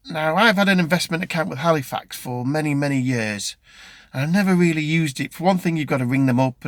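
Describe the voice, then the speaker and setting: A man's voice: medium pitch, a bit bright, no echo. A middle-aged man with a British accent, chatting casually in a vlog from his car. He rambles and restarts often, with plenty of ums. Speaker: vlogger. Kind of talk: casual chat.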